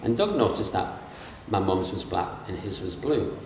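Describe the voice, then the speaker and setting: A man's voice: deep voice, very animated, moderate pace, a little mellow. A middle-aged man from England giving a comic wedding speech from memory, telling stories and mimicking the voices of people in them. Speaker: wedding speaker giving the best man's speech. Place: large reception room at a castle wedding. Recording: distant and echoey, with room noise.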